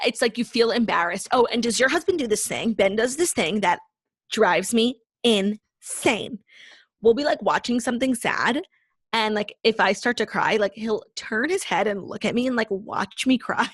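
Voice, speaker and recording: Fast-talking young woman, chatty podcast co-host. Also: medium pitch, breathy edge, no echo. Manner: chatty, lots of "like" fillers. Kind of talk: casual chat.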